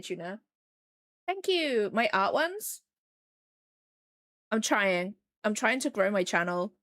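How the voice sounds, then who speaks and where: A woman's voice: medium pitch, expressive, slow, long pauses, fairly bright tone, dry recording. A woman streamer chatting casually with her viewers while she paints, rambling along with lots of fillers. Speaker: streamer and digital artist.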